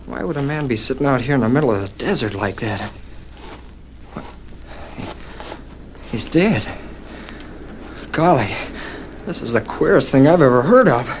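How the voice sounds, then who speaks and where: An actor playing a plucky young cowboy lad who talks excitedly to his horse, in 1940s radio acting. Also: medium pitch, moderate pace, pauses often, close to an everyday voice. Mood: hushed. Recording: noisy 1940s radio broadcast.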